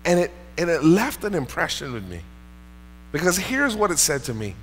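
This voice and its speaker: A man with a somewhat high voice delivers a sermon as a pastor. He tells a personal story in an earnest, conversational way. The sound rings with the long reverb of a church hall. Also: very animated, moderate pace, slight background noise. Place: church sanctuary.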